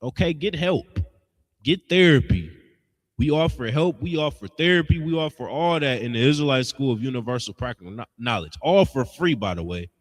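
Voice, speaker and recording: A man's voice: mid-range voice, lively intonation, moderate pace. Blunt scolding preacher man in reverb. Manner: blunt, scolding, emphatic with slangy asides. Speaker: religious teacher. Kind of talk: street-style preaching lesson.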